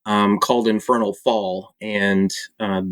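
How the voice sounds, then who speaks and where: A man from Michigan, an author and publisher, talking casually as a podcast guest, relaxed and hesitant with frequent ums. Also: fairly low pitch, slow pace, no room sound. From Michigan, USA. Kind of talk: casual conversation.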